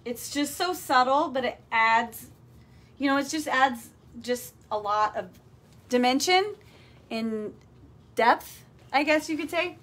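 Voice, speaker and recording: High-pitched woman hosting a painting livestream; chatty, playful teacher who checks in often. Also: takes it slowly, pauses often, fairly bright tone. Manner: playful made-up words. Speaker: furniture painting instructor. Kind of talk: casual livestream demonstration. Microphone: phone or camera livestream.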